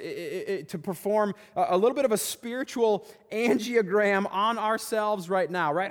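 Man, fairly high voice, pastor preaching, repeats himself, hall reverb. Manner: repeats words, asks rhetorical questions. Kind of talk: sermon. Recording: long reverb of a large hall.

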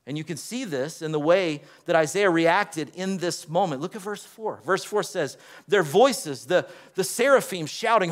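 A male preacher with a high voice delivers a sermon. He is animated and playful and keeps calling out to the congregation. His energy rises and falls as he teaches. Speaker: pastor.

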